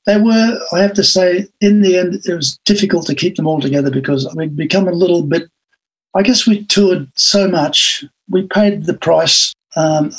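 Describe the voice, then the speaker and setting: Older Aussie male interview guest, husky and slightly high, an animated storyteller. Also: rough recording. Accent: Australian. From Australia. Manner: animated anecdotal storytelling with acted-out quotes.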